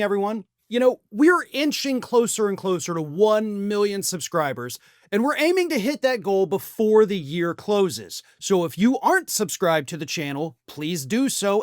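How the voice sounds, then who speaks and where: A man hosting a political commentary channel, ranting in a heated, insulting way. His voice sits high for a man. The sound is dry and close, with no room sound. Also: big pitch swings, unhurried, no echo.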